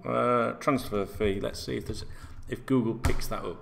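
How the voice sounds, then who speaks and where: A man's voice: medium pitch, steady tone, moderate pace, vocal fry, slight background noise. A man hosting a football news channel, reading out stories and ranting with sarcastic, sweary asides. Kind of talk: casual ranting news read-through.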